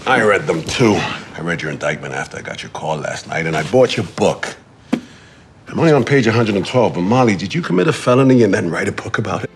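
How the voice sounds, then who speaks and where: An actor with an American accent playing a sharp, skeptical lawyer who questions in a brisk, dry way. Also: male voice, lowish voice, expressive, soft background music.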